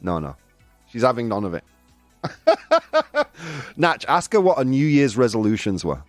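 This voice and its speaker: A man hosting a radio show, chatting loosely and poking fun at himself. His pitch swings lively and the studio sound is dry and close. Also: unhurried, no echo, faint music behind. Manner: jokey, self-mocking, laughs often. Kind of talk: casual radio chat.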